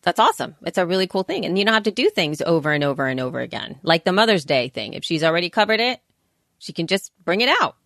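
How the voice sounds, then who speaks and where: A woman's voice: lowish voice, big pitch swings, quick pace, fairly bright tone, no room sound, clean studio sound. A woman co-hosting a podcast in casual chat, talking at length with frequent restarts. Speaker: podcast co-host.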